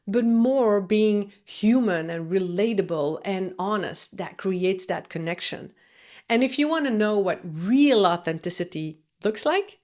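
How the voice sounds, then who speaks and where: A woman giving video commentary as a communication coach, speaking in a measured, deliberate way. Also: mid-range voice, a little mellow.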